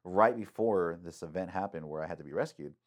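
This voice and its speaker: Deep-voiced man telling a lively story. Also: a little fast. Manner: animated, acts out quotes with big pitch jumps, many "like" fillers. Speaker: podcast guest telling a story. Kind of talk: casual storytelling.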